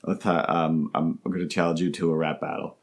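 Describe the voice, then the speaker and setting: A man's voice: very deep voice, fairly even intonation, a little fast. A man hosting a comedy podcast alone, talking in a rambling, goofy way that keeps interrupting itself. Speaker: host. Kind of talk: comedic solo podcast monologue.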